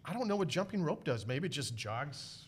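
A man's voice: a little high, very animated, moderate pace, slight background noise. Chatty man telling backstage stories. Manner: chatty storyteller, laughs often. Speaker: podcast host. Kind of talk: casual chat.

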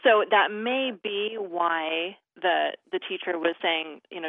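A woman's voice: on the low side, moderate pace, few pauses, dry recording. Chatty woman grammar expert on phone. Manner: chatty, many "you know" fillers, laughs easily. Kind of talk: explaining on a call-in radio show. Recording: narrow phone line.

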